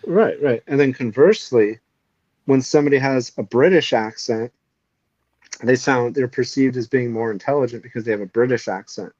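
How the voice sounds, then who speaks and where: A man's voice: mid-range voice, normal speed, a little mellow, no echo, muffled recording. A man co-hosting a podcast, ranting casually with heavy swearing and strong opinions. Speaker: podcast co-host.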